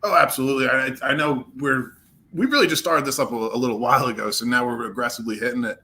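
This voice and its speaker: Relaxed man in joking football banter. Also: medium pitch, fast. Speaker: guest co-host. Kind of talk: casual football chat.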